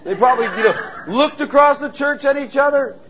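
A man preaching a sermon, telling stories and acting out voices with lively animation. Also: extremely high pitch, a little fast, dull audio. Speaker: pastor.

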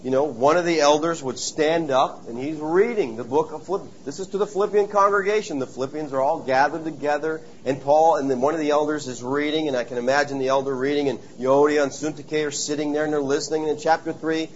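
A man preaching a sermon, telling stories and acting out voices with lively animation. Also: a little high, fast, hardly any pauses, lo-fi sound, slight background noise. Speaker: pastor.

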